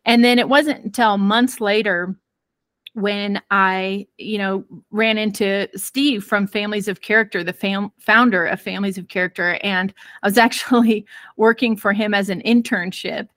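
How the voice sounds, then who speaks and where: A woman guest in an interview, telling a personal parenting story in an earnest, expressive way and laughing easily. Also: medium pitch, normal speed, dry recording.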